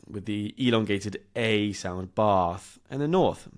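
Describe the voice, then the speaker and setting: A young man from southern England, hosting a show for English learners and telling a personal story in a lively, self-deprecating way, laughing at himself. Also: fairly low pitch, takes it slowly. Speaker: podcast host.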